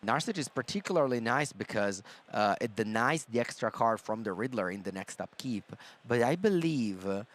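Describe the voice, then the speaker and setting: A male commentator calling a card game live, walking through each play. He explains the options analytically and pauses often to think, with an ordinary mid-range voice. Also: mid-range voice, animated. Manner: analytical, thinks aloud with fillers. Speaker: color commentator.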